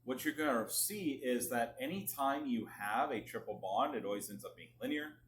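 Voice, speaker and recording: A man's voice: medium pitch, expressive, moderate pace, slight background noise. A man lecturing a class as a chemistry teacher, coaxing students to answer and often drifting away from the microphone.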